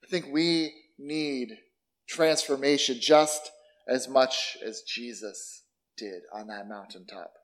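A middle-aged man preaching a sermon as pastor, conversational and expressive, with rhetorical questions and wry asides about himself. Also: mid-range voice, takes it slowly.

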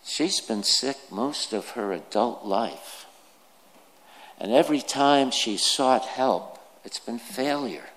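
A man preaching a sermon, slow and deliberate, putting questions to his listeners. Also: medium pitch, lively intonation, fairly bright tone. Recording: long hall reverb.

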